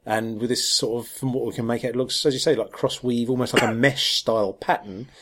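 Male podcast co-host, casual and hesitant, mid pitch. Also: fairly even intonation, brisk, a bit bright. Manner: hesitant, many ums and restarts, chuckling. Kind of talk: casual chat about football kits.

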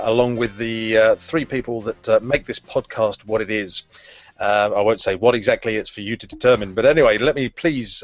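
A man's voice: fairly low pitch, dry recording. A man hosting a casual podcast, speaking with frequent hesitations and a dry wit. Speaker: podcast host. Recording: dull lo-fi podcast audio.

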